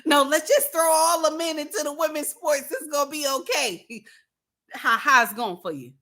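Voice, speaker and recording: Blunt, high, bright-voiced woman streamer. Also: a little fast. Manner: blunt, preachy, repeats her points for emphasis; addresses viewers and chat directly. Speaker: livestream host. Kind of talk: casual livestream commentary.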